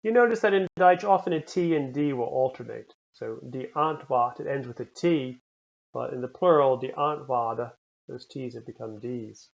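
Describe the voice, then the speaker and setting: A man with a mid-range voice teaching a recorded language lesson. He sounds out each word slowly and carefully, then repeats it for the learner. The recording is a little dull and lo-fi. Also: mid-range voice, vocal fry. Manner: slow, careful pronunciation drills.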